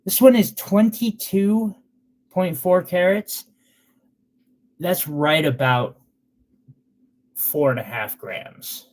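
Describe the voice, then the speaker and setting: A man's voice: high-pitched, slow, pauses often, a little mellow. Chatty man selling gems on a stream. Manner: chatty and sentimental, with loose fillers. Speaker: gemstone seller on a live sale stream. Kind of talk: casual live sales chat.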